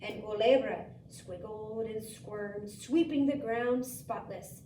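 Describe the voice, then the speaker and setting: A woman teacher reading a picture book aloud to a child, asking gentle questions and giving the characters lively voices. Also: medium pitch, slow, slight background noise. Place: school room. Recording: echoey room, mic from far off.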